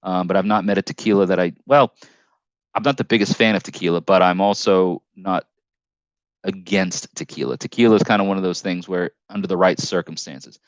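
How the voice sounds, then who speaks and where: Rambling low-voiced man hosting a live stream. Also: fairly even intonation, brisk, no room sound, muffled recording. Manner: rambling, jokey, stumbling restarts. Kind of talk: casual live stream chat reading comments.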